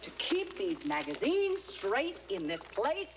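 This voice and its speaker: A proud, fiery middle-aged woman going through menopause. Her high voice is prim and articulate, and she snaps sharply. The sound comes from an old TV broadcast recording with a clear hiss. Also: wildly swooping pitch, takes it slowly, exaggerated voice. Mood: snappish. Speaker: sitcom lead character. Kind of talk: 1990s sitcom acting.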